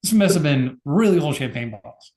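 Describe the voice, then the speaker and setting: A man's voice: a little high, expressive, brisk, a little mellow. Chatty man with a roomy echo. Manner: laid-back, lots of fillers and "like". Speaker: podcast co-host. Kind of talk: casual chat.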